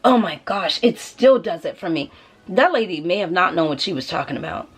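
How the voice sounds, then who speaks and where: A woman's voice: fairly low pitch, animated, a little fast, slightly rough. A woman fragrance vlogger telling a story-time product review in a chatty way, talking straight to her viewers with many asides. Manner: chatty, addresses viewers directly, lots of asides; acts out both sides of remembered dialogue.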